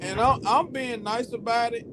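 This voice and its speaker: A man in casual chat, animated and laughing as he talks. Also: extremely high pitch, normal speed. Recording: loud background noise.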